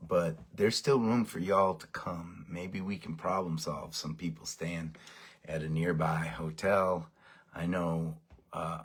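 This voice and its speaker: A man leading a band, giving fans a rambling, excited update while overtired. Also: sits low, slightly rough. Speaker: bandleader addressing fans. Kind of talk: casual fan update.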